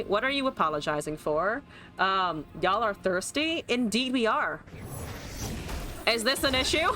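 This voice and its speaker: A young adult woman giving live commentary on her card game, swearing, laughing and answering chat as she plays. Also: medium pitch. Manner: animated, swears and laughs, reads chat aloud. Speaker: streamer. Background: faint music.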